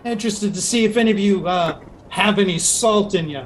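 A man voicing a brisk female ship officer who speaks crisply and with command, relishing the challenge. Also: high voice, soft background music, natural voice. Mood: challenging.

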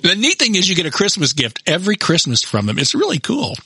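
Man, podcast co-host, husky, bright, lively pitch, jokey. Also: fast talker, dry recording. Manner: jokey, frequent affirmations. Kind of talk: casual chat.

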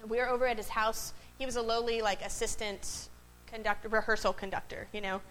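A woman's voice: a little high, steady tone, a little fast, fairly bright tone, slight background noise, low-quality recording. A woman pastor gives a conversational sermon to a congregation in a worship space. She often asks the room questions and checks in with "right?" between points.

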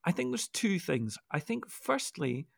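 A man's voice: sits high, sing-song, a little slow, vocal fry, no room sound, studio quality. A man, co-hosting a Bible discussion and explaining his thinking at length, often restarting his sentences. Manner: thoughtful, explanatory, with frequent restarts. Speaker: co-host of a Bible discussion podcast. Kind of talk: casual discussion.

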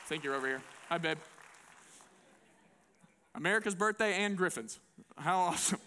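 A man preaching a sermon to a congregation in an animated, conversational way. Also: high-pitched, normal speed, pauses often, clear, resonant tone, a faint crowd. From United States. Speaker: pastor. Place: church before a congregation.

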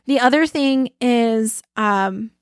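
A woman's voice: a little high, takes it slowly, smooth, no room sound, clean studio sound. A woman host telling a personal story in a casual motivational talk, chatty and addressing listeners as y'all. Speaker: podcast host and life coach.

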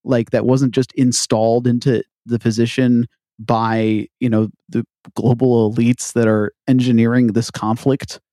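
A man's voice: medium pitch, little pitch movement, a little slow, warm tone, no room sound. Rambling man, mid voice, dry. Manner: rambling, hesitant with fillers, profane. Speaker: podcast co-host. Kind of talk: casual chat.

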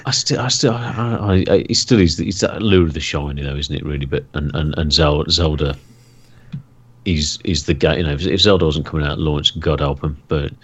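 Very deep husky man, halting ramble. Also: dull audio. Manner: rambling, halting, many restarts. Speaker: podcast co-host. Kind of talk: casual gaming chat.

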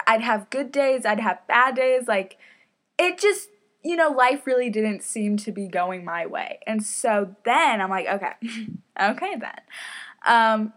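A woman's voice: on the high side, fairly bright tone. A young woman hosting her own podcast, telling a personal story in a rambling, chatty way full of "like" and "um", often apologizing for herself. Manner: rambling, chatty, lots of "like" and "um", self-deprecating. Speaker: podcast host. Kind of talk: casual solo podcast storytelling. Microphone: podcast mic on a stand.

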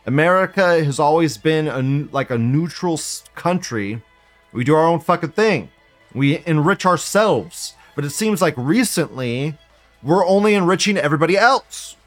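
Man, live-stream rant, somewhat high voice, profane, sardonic, frequent laughs, faint music behind. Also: lively intonation, normal speed. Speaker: live-stream host reading viewer comments.

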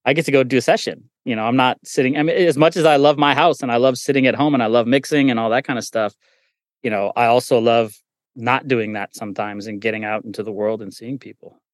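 A man's voice: medium pitch, steady tone, fast talker, no echo. A middle-aged man, a recording engineer and guest, telling stories casually with lots of "you know" and restarts. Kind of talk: casual storytelling in a conversation.

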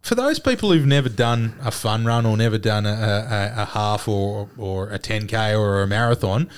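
Australian male co-host, chuckling storyteller, very lively pitch. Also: normal speed, smooth. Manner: self-mocking, chuckling storyteller. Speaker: podcast co-host. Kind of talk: casual banter.

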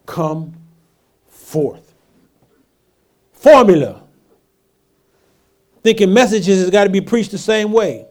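Male pastor, sermon delivery: unhurried, animated, from quiet asides to loud emphatic peaks. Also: high-pitched. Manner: call-and-response preaching, rhetorical questions to the congregation; swings between hushed asides and loud emphatic lines.

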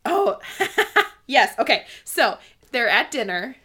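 A woman's voice: a little high, very animated, slow pace, pushed and bright, slightly rough. A young woman co-hosting a casual book discussion, bubbly and laughing often as she reads passages aloud. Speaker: podcast co-host.

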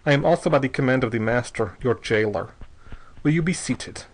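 A man's voice: medium pitch, expressive, brisk. A man reading a story, voicing a bitter young male jailer who speaks formally.

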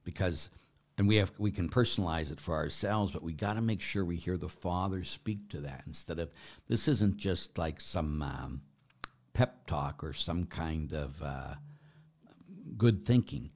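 Low-voiced rambling priest. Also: male voice, measured pace. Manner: warm, rambling, self-deprecating, with frequent fillers. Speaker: priest hosting a live stream. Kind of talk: live-stream Q&A, reading chat comments.

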